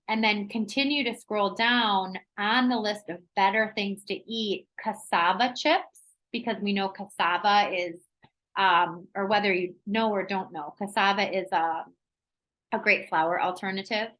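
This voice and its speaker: Woman wellness presenter on a video call, chatty, energetic, bright forceful tone. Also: medium pitch, a little slow, rough recording. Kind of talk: live online workshop talk.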